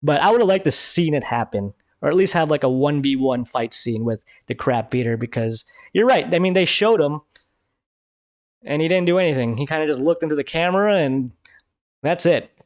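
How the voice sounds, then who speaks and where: A man hosting a live review stream, talking excitedly in casual commentary and swearing freely. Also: a little high, normal speed, dry recording, clean studio sound.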